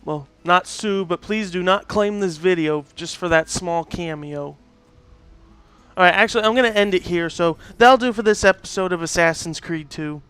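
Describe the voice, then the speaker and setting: A man's voice: high-pitched, moderate pace, a bit bright, smooth, dry recording, faint music behind. A man casually commentating on his gameplay, chatty and joking as he talks to the game. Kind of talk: casual let's play commentary.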